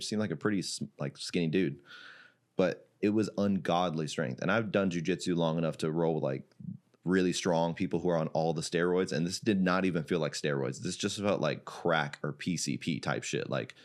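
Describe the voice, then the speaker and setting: A young adult man from Iraq who founded a jiu-jitsu gym tells a story as a guest on a podcast, and his voice sits low. The chat is casual, and he's animated, laughs often, and says "like" a lot.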